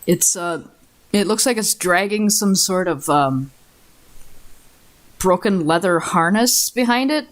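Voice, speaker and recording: Woman, dungeon master, low voice, unhurried, laid-back. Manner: relaxed, laughing, swears casually. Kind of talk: narrating a tabletop game.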